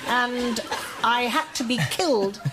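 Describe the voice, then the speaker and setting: A woman's voice: on the high side, slow pace. An older woman with a posh English accent, a talk show guest telling frank, bawdy stories. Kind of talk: anecdotal talk show chat. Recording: studio audience and noise.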